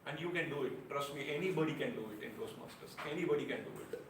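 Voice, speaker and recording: Speaking quickly at a medium pitch, this man delivers an honest, earnest evaluation at a club meeting, slipping in gentle jokes at his own expense. The air-conditioned meeting room makes the sound roomy and distant, with faint ambience and slight background noise.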